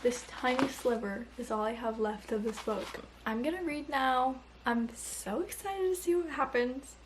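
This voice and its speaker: A young woman vlogging about a book series in a casual, animated way, swearing often and saying "like" constantly. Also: a little high. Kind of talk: casual reading vlog. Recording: faint background noise.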